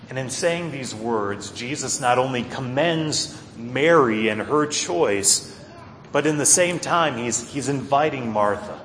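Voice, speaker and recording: A man's voice: lively intonation, takes it slowly, a little hiss or hum. Man preaching in an echoey hall. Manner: earnest, wide swings between loud emphasis and quiet low asides. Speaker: pastor. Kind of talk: sermon.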